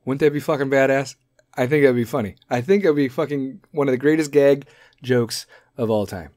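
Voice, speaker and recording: A man's voice: mid-range voice, a little fast, a little mellow, dry recording, clean studio sound. A man hosting a podcast, delivering a crude, rambling comedic monologue and laughing often. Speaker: podcast host.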